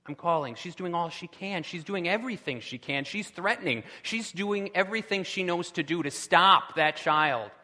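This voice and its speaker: A man preaching a sermon with impassioned delivery, rising to loud pleading cries. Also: a little high, in a large hall. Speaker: pastor.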